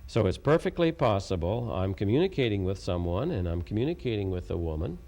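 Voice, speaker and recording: A man from Oklahoma lectures on tape, emphatic and repetitive and full of rhetorical questions. His voice is gravelly. His pitch swings widely. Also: big pitch swings, fairly quick, warm tone. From Oklahoma, USA. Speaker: lecturer on communication. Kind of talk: taped educational lecture.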